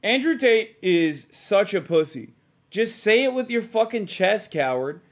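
A man in his thirties talks over a clip on his live stream, blunt and profane. His voice sits high, and his delivery stays mocking. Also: big pitch swings, a little slow. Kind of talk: live stream reaction commentary.

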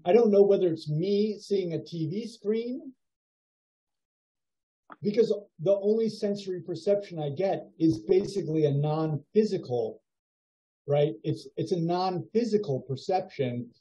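A man teaching a writing workshop over a video call, giving feedback in a musing, halting way with many fillers. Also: high voice, dark tone. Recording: dull lo-fi video call audio.

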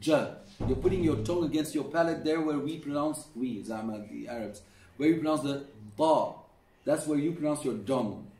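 A man's voice: fairly high pitch, moderate pace, few pauses, warm tone. A middle-aged man teaching Quran recitation in a classroom, patiently demonstrating sounds over and over and coaching his students. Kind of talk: classroom lesson on pronunciation. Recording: echoey room, mic at a distance.

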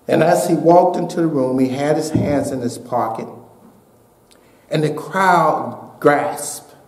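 A man preaching a sermon as pastor, building to shouted peaks and dropping to a hushed voice for a story. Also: medium pitch, roomy sound. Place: church sanctuary.

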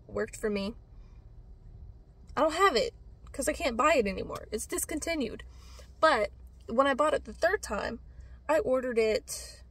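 Young woman vlogger, slightly high and breathy, rambling and chatty with lots of fillers; casual review delivery. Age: young adult. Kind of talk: casual product review chat.

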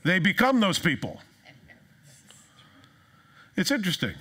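Male pastor, fairly high, bright voice, casual sermon with jokes. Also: a little slow, slightly rough. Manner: conversational, joking, animated storytelling.

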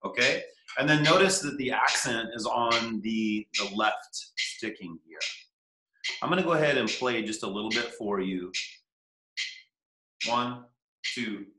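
A man's voice: mid-range voice, moderate pace, bright, forceful tone. Easygoing male percussion teacher, echoey room. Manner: counts rhythms aloud, easygoing. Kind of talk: casual instruction.

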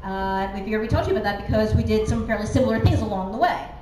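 Over music, a woman talks very fast at medium pitch during her conference presentation. Her chatty, self-mocking delivery is thick with fillers, and the recording carries hall echo and background noise.

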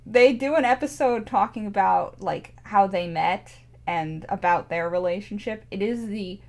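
A woman's voice: mid-range voice, a little slow, darkish tone. A young woman talking casually about a cartoon, rambling and gushing with many restarts. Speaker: show reviewer. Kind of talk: casual chat.

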